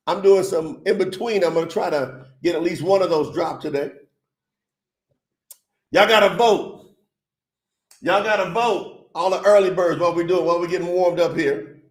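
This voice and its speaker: A man's voice: high-pitched, moderate pace, pauses often, roomy sound. An upbeat man hosting a casual livestream, chatting with viewers and reading their comments aloud. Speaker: livestream host.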